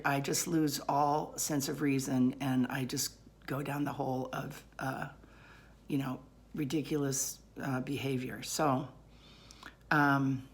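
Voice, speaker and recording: A woman telling a personal story aloud in an animated, rambling way, with many pauses and fillers. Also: low voice.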